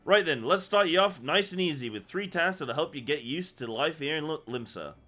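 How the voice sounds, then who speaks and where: A man doing a gruff old tavern keeper. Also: fairly high pitch, animated, fairly quick, pushed and bright, soft background music. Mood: hearty. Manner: reads quest text aloud in a put-on rough seafaring dialect.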